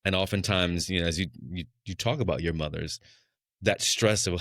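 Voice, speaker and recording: A man hosting an interview podcast who speaks in a halting, reflective way with many fillers. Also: low-pitched, fairly bright tone, no room sound, studio quality. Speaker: podcast host. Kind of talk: interview conversation.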